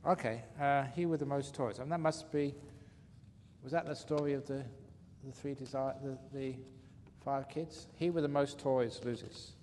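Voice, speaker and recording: In the retreat hall, amid faint reverb and light room noise, a man teaching meditation tells jokes during a Q&A and chuckles along. He speaks at a moderate pace with a steady, medium-pitched, darkish voice.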